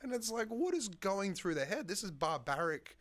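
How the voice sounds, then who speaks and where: A man's voice: sits high, big pitch swings, moderate pace, fairly bright tone, a little hiss or hum. A man with an Australian accent, a podcast host telling a story in casual chat, tagging his lines with "right?".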